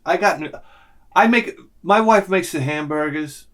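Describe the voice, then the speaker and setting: A middle-aged man riffs in a casual comedic monologue, ranting with real animation and acting out bits in other voices. His voice sits a little higher than most men's. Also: animated, moderate pace, a bit bright. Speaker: vlogger.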